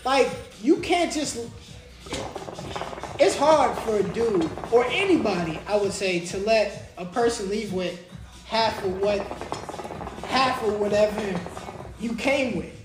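A woman hosting a casual podcast chat, asking questions and trailing into soft asides. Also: mid-range voice, slow, long pauses, echoey room, background noise.

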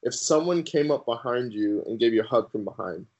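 A man guest on a podcast sharing his personal faith testimony in an earnest, halting way with many fillers. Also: medium pitch, expressive, a little mellow, highs cut off.

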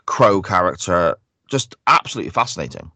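A man's voice: low voice, big pitch swings, fairly quick, sharp tone, dry recording. A man co-hosting a podcast, chatting casually and enthusiastically as he breaks down a wrestling show. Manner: enthusiastic, analytical. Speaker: podcast co-host.

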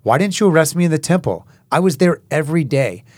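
A man reading the words of Jesus aloud in a measured, solemn Bible reading. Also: fairly high pitch, lively intonation, dry recording, voice pushed up. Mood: challenging. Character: Jesus, a calm grown male teacher.

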